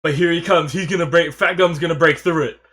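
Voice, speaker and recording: A young man reacting to an anime episode in casual commentary, excitable and emotional, swearing and laughing, his nose stuffy from crying. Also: fairly high pitch, quick pace.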